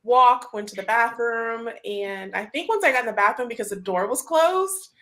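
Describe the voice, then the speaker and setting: A woman hosting a casual group chat, telling a story in an animated way, full of fillers and laughter. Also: on the high side, normal speed. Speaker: host.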